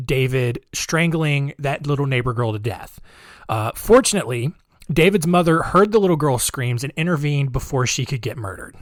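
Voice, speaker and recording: A man's voice: medium pitch, no echo, studio quality. A man hosting a podcast, narrating casually with chatty, sarcastic asides. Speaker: podcast host.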